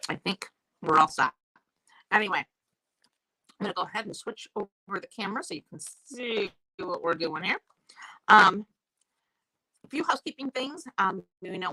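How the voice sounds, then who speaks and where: Hosting a live-streamed stamping class, a woman chats casually and welcomes viewers by name despite a sore throat and crackly voice. Her mid-range voice is bright and forceful, moving at normal speed with long pauses. She's recorded on a new desk mic with no echo.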